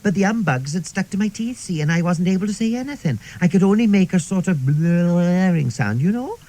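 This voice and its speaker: In a radio comedy monologue, a man plays a chatty middle-aged Welsh woman whose rambling, confiding stories are peppered with "like" and "see". His voice sits high and sounds animated, brisk and mellow, though the recording quality is low.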